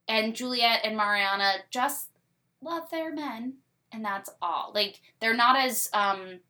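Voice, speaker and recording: Bright-voiced chatty young woman. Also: fairly high pitch, slow. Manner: chatty, opinionated, many filler likes. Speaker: podcast co-host. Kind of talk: casual discussion.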